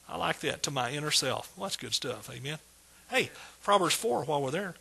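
A middle-aged man preaches with exuberant energy, repeating his points and calling out praise. His voice is bright and forceful, with a husky edge, and sits a little high for a man. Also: animated, fairly quick, hardly any pauses. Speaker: pastor. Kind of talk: sermon.

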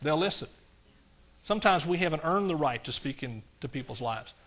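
A middle-aged man with an East Texas accent preaching a conversational sermon in a church, folksy and plain-spoken, calling for amens and rising higher and louder on the points he stresses. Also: animated, normal speed. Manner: folksy, calls for amens, rises high and loud on emphatic points. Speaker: pastor.

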